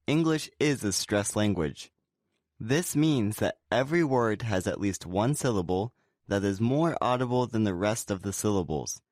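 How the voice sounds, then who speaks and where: A man co-presenting a scripted pronunciation lesson, explaining in a relaxed way and saying example words slowly and clearly. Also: on the low side, no room sound, studio quality. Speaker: pronunciation teacher.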